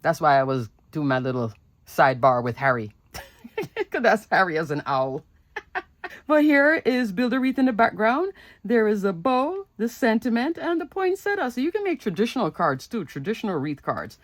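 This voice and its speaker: A woman's voice: mid-range voice, sing-song, moderate pace, no echo. A woman hosting her own craft channel, chatting enthusiastically as she shows off card after card, with lots of asides. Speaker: papercraft channel host. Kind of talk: casual show-and-tell of handmade cards.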